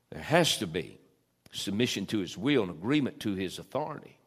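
A man's voice: lowish voice, big pitch swings, a little fast, husky. Folksy preacher man. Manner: folksy Southern preaching, swells loud then drops soft. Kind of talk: sermon. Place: church sanctuary.

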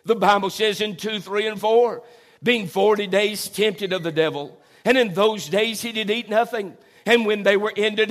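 High-voiced preacher, slow emphasis. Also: male voice, a bit bright. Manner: preaches with slow, drawn-out emphasis and Southern folksy asides. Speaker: pastor. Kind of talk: sermon. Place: church.

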